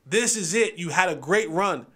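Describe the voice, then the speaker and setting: Man, sports show host, high voice, bright and sharp tone, casual picks chat, playful, repeats himself for emphasis. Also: expressive, moderate pace, husky.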